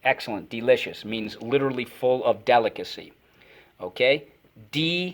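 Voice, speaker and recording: A man's voice: medium pitch, moderate pace. A man teaching a phonics lesson to children, energetically calling out words and repeating them for the class to echo.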